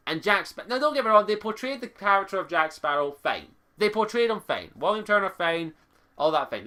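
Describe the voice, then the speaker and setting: A man's voice: high voice, very animated, brisk, bright, forceful tone. A young Scottish man giving an exasperated, sweary game review, repeating his complaints. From Scotland.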